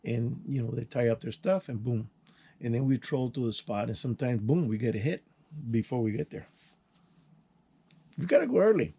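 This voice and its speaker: A man's voice: lively intonation, moderate pace, gravelly, long pauses, dark tone, husky. An older retired man hosting his own channel, telling hunting and fishing stories in a casual, rambling way while he works on a small project. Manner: rambling, folksy, with restarts and sound words like "boom". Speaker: channel host. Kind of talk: casual vlog storytelling while working.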